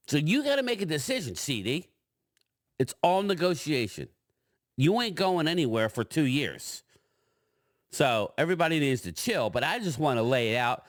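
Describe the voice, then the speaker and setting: A man giving opinionated sports commentary, arguing his points in an animated way and addressing a panel directly. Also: on the high side, dry recording, studio quality.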